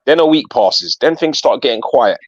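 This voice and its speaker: A man co-hosting a live fan reaction stream, telling stories in animated slang. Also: mid-range voice, moderate pace, no room sound, lo-fi sound. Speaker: co-host.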